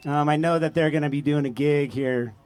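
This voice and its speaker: A man's voice: on the high side, fairly even intonation, a little fast, a little mellow, clear, resonant tone. A man emceeing at a music festival stage, chatty and rambling, often correcting himself mid-sentence. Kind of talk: stage introduction.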